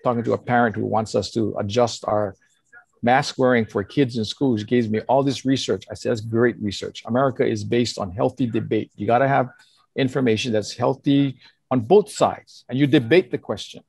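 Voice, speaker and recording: Older pastor, gravelly husky voice, earnest, acts out little quotes, dry close sound. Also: male voice, medium pitch, moderate pace, no echo. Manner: earnest, animated storytelling with acted quotes and chuckles. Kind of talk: casual conversational counsel.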